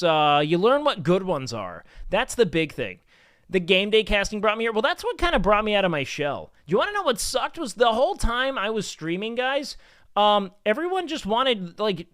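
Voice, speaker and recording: A man's voice: sits high, a bit bright, dry recording, clean studio sound. A man streaming, chatting casually and telling rambling, profane stories.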